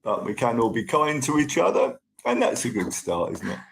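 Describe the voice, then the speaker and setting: A man with a gravelly, rough edge to his voice, hosting a relaxed live stream. He chats easily and greets viewers by name as they arrive. His pitch sits in a typical middle range. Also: moderate pace, a little hiss or hum, rough recording. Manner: chatty, thanks viewers by name as they join. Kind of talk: casual live stream chat.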